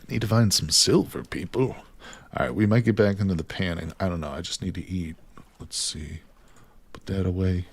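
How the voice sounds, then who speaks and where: Playing a game on stream, a chatty man from the United States talks casually with his chat and calls his viewers "people." His voice sits low and sounds slightly rough.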